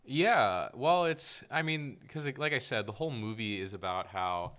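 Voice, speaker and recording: A man co-hosting a podcast, talking through film ideas in a measured, thoughtful way. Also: medium pitch, animated, fairly bright tone. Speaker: podcast co-host. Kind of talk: casual film-discussion chat.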